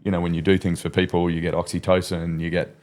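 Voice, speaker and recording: A man hosting a podcast, speaking in a relaxed, casual way with some hesitation. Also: low-pitched, fast talker. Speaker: podcast host. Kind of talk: casual podcast interview talk.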